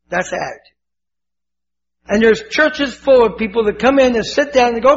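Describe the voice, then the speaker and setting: A man's voice: very high-pitched, moderate pace, fairly bright tone. An older man preaching a sermon as pastor, fervent and emotional, repeating his words. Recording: dull lo-fi with faint hiss.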